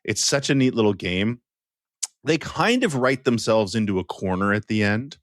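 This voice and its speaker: Man, low voice, casual podcast co-host, easygoing, lots of fillers, dry studio sound. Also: animated, moderate pace, no room sound. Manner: rambling, easygoing, many fillers. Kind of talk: casual chat.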